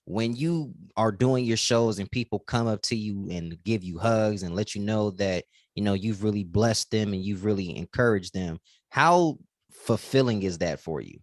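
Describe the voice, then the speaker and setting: Man, host, interviewer, deep-ish voice, dry close sound. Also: moderate pace, dry recording. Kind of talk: interview questions.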